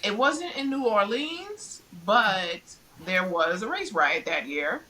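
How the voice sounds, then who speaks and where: A middle-aged woman co-hosting a casual podcast, animated and quick to laugh as she recaps a TV show. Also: medium pitch, poor audio. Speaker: podcast co-host. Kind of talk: casual pop-culture chat.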